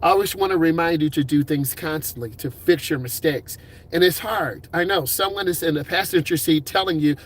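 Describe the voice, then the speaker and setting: A middle-aged man, a driving instructor, giving upbeat, encouraging advice in a casual talk. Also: a little high. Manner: upbeat, encouraging, puts on quick voices for quoted people.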